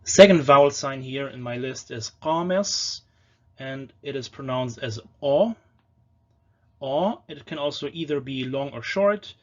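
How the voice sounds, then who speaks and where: Man slowly sounding out old words. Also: mid-range voice, animated, muffled recording. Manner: explains patiently, slows to sound out words. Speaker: language lecturer. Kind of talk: educational lecture on pronunciation.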